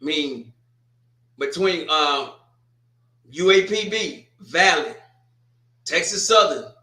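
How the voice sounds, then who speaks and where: A man's voice: a little high, expressive, slow, pushed and bright, roomy sound. A man hosting a casual sports talk stream, teasing and trash-talking a team and repeating his points. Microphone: streaming setup.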